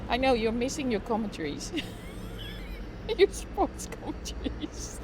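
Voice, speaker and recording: High-pitched with big pitch swings, slow delivery, vocal fry and long pauses, a middle-aged woman chats over background noise. It's a casual live stream from her apartment in lockdown, filmed on a hand-held phone, full of giggles and mock sports commentary.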